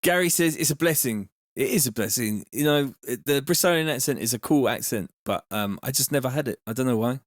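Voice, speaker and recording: A relaxed man with a London accent talks through a live music-production stream in easy, slangy chat. His voice sits at an ordinary middle pitch. The sound is dry and close, with no room around it. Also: a little fast, few pauses, no room sound. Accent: London English. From England. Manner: laid-back, slangy, thanks viewers warmly. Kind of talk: casual livestream chat.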